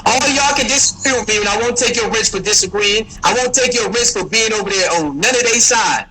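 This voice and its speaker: A man's voice: sits high, brisk, pushed and bright, slight background noise, low-quality recording. A man hosting a livestream, chatting casually with viewers, teasing them and laughing often. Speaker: livestream host. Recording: music playing behind.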